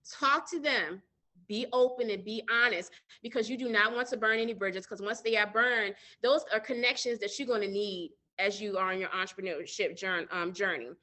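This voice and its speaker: A middle-aged woman who owns a business appears as an interview guest, earnestly telling her story and speaking straight to listeners as y'all. Her mid-range voice runs at normal speed and sounds pushed and bright.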